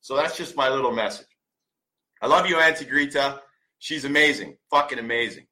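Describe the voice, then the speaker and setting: Forceful, blunt motivational man in his forties. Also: mid-range voice, moderate pace, poor audio. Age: 40s. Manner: emphatic, blunt, swears often; preachy, repeats commands for stress. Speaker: podcast host. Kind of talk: motivational monologue.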